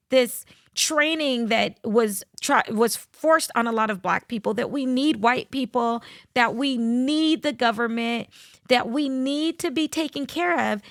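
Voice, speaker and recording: Woman commentator, fairly high voice, blunt and lecturing, dry close sound. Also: a bit bright, dry recording. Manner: blunt, lecturing, addresses viewers directly. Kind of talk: opinion commentary to camera.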